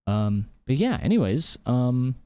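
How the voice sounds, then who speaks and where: A man's voice: mid-range voice, sing-song, unhurried, warm tone, clean tone, dry recording. A man hosting his own podcast from a home office, rambling heatedly and swearing a lot. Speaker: podcast host. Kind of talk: casual solo podcast rant.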